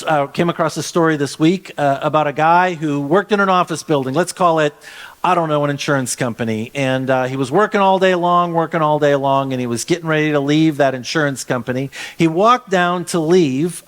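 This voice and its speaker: A man pastor preaching a sermon in a conversational way, often restarting phrases and stretching words for emphasis. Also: fairly high pitch.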